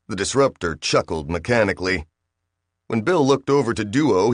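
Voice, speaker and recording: Male audiobook narrator, low, steady read, dry close sound. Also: dry recording. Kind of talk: scripted narration.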